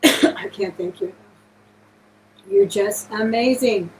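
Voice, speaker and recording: Bubbly, higher-voiced woman auction host. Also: lively intonation, takes it slowly, a little mellow, a little hiss or hum, poor audio. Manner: effusive, gushing thanks to viewers. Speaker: live-stream auction host. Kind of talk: casual live-stream selling chat.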